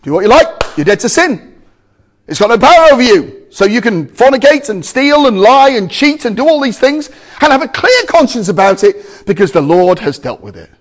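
A man preaching a sermon to a congregation, emphatic, with loud exclamations and quiet asides. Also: very high-pitched, sing-song, moderate pace.

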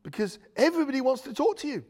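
A man's voice: extremely high pitch, very animated, racing, darkish tone. A man preaching a chatty, joking sermon full of asides. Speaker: pastor.

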